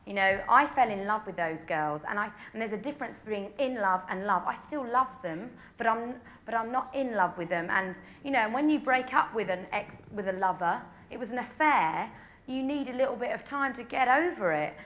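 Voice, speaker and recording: A woman's voice: fairly high pitch, expressive, brisk, fairly bright tone. An English woman in her twenties, a pop singer answering press questions in a chatty, candid way full of "you know". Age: 20s.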